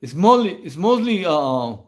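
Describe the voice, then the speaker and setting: Very animated and speaking at a normal speed, a high-voiced man from Mexico recounts prison stories on a casual livestream he hosts. His delivery is rambling and stammering, thick with slang and punctuated by laughter.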